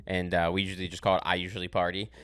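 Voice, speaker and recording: Young male podcast host, low voice, fast talker, animated and profane storyteller. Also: smooth. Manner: animated, profane, laughs through his stories.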